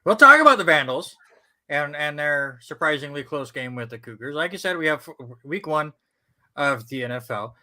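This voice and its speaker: A man's voice: a little high, normal speed, sharp tone. A middle-aged man hosting a casual sports talk show, chatty and joking at his own expense. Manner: joking, self-deprecating, chatty.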